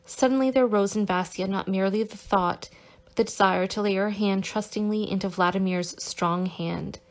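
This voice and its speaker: A woman narrating a novel in a steady, careful reading voice, now and then correcting a stumbled word. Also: medium pitch, moderate pace. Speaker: audiobook narrator.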